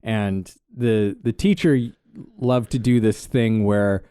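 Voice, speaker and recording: A man's voice: lowish voice, slow pace, mellow, clean tone, no echo. Hesitant storytelling podcast man. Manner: storytelling, hesitant, many fillers. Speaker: podcast co-host. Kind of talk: casual conversational podcast.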